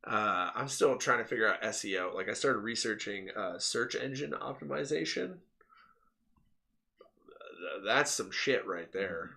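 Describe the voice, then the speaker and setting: A man co-hosting a podcast in casual chat, telling animated stories, laughing often and mimicking the people in them. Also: fairly low pitch, a little slow, gravelly. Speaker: podcast co-host.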